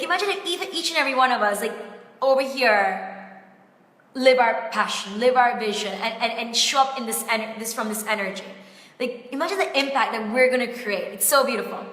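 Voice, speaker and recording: A woman coach speaks in a high, bright voice in a live-streamed coaching session. She is effusive and heartfelt, close to tears, and drops "like" into nearly every thought. Her voice carries a roomy echo with a long reverb tail. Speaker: business coach. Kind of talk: Facebook Live coaching talk. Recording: echoey room with long reverb.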